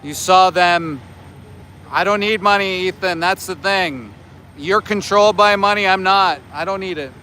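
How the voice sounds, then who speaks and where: A man's voice: high voice, unhurried, sharp tone, slight background noise. A man in his forties livestreaming outdoors as an activist, talking back to his chat with scolding sarcasm. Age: 40s. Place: outdoors near a slaughterhouse by homes.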